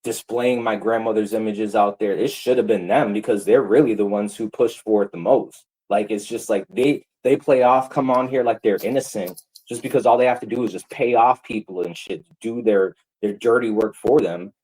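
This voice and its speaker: A man's voice: on the low side, steady tone, moderate pace, hardly any pauses, dark tone, rough recording. A man ranting angrily to his livestream viewers, heated, profane and repetitive. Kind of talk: angry livestream rant.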